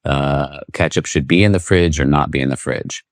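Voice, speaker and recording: A man's voice: very deep voice, normal speed, dry recording. A man from the American South, a podcast guest, rambling with dry sarcastic humor in casual chat.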